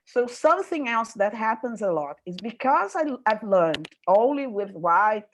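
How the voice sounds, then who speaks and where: A woman's voice: fairly high pitch, big pitch swings, a little slow, a little hiss or hum, low-quality recording. An older woman speaking as a panelist, reflective and often checking in with the listener. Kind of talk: panel discussion.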